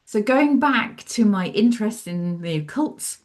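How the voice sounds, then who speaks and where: Lively storytelling woman in her forties. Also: mid-range voice, a little slow. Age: 40s. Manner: animated, acts out her own past thoughts in lively asides. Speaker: guest, psychologist and author. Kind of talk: conversational storytelling interview.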